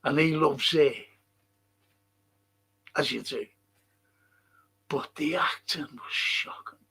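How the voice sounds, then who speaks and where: Older man with a gravelly, husky voice. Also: a little high, takes it slowly, sharp tone. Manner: rambling and profane, chuckling often. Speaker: livestream host. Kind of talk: casual rambling chat, reading viewer comments.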